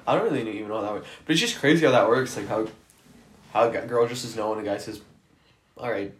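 A young man with a fairly low voice, tossing out crude jokes and laughing as he chats. The room around him is echoey. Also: rapid-fire. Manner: crude, joking, laughs often. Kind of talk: casual chat.

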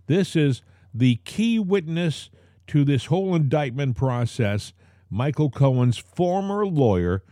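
A man's voice: on the high side, big pitch swings, takes it slowly, mellow, dry recording, clean studio sound. A man hosting a talk podcast, speaking straight to his listeners and repeating the key points so they stick. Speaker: podcast host. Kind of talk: casual talk show chat.

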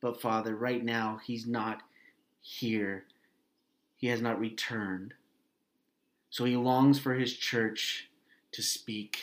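Earnest pastor preaching from the heart. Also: male voice, fairly even intonation. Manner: earnest, emotional, pausing often, dropping soft and low. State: grieving, voice heavy with hurt. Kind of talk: sermon and prayer.

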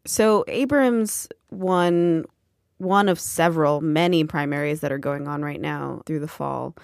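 Low-voiced woman host, measured. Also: darkish tone, no echo, studio quality. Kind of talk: conversational news discussion.

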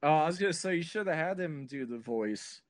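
A man hosting a podcast in casual chat, agreeable and quick to laugh loudly. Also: a little high, expressive, crowd noise. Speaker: podcast host.

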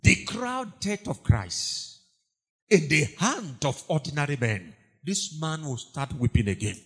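A man, a pastor preaching an impassioned sermon, emphatic and repetitive, moving between shouts and hushed tones. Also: fairly high pitch, huge pitch swings, measured pace, breathy edge.

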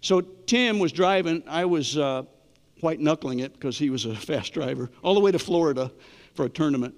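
Pastor, middle-aged man, slightly higher voice, chatty sermon delivery, long church reverb. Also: expressive, brisk. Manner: conversational preaching, asks the congregation questions.

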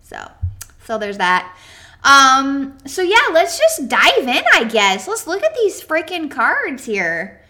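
A woman's voice: sits high, huge pitch swings, slow pace, bright, forceful tone. A woman co-hosting a casual card game chat, bubbly and chatty, full of "like" and "um", with a touch of hiccups. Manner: bubbly, chatty, many "like" and "um" fillers. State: has the hiccups. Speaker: card game podcast co-host.

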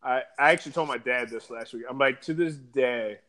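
A man in a casual chat, telling stories in a rambling, profane and animated way over a remote call. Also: mid-range voice, brisk, slight background noise.

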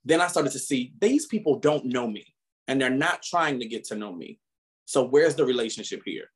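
Animated man telling a story on a podcast. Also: normal speed, breathy edge. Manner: animated storytelling with frequent laughter; emphatic, rising pitch on indignant remarks. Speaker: podcast co-host. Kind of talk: casual chat.

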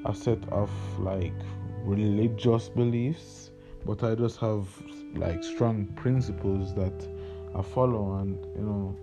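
A young man raised in Jamaica talks casually as a podcast host, hesitant and full of fillers. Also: on the low side. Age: young adult. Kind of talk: casual spoken reflection with readings. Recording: dull lo-fi recording over guitar music. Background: plucked guitar music.

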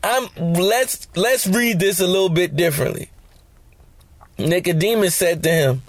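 Male podcast host, casual scripture teacher with a joking edge, slightly high voice, close and dry. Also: unhurried, no echo. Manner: conversational, slangy, joking asides.

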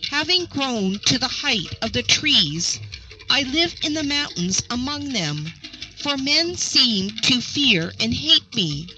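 A woman reading the lines of a gentle, sorrowful young male giant in a slow, ponderous storybook tone. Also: on the high side, low-quality recording. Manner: ponderous but not unpleasant tone.

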